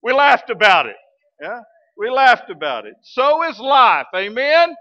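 A man, a pastor telling a story in a sermon, folksy and animated. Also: extremely high pitch, unhurried, dry recording, lo-fi sound. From Arkansas, US. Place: church sanctuary.

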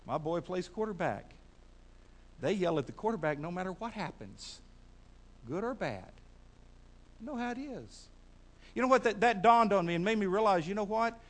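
A middle-aged pastor preaching a sermon in a folksy, stammering way that builds to loud, emphatic peaks. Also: male voice, high voice, lively intonation, normal speed, pauses often.

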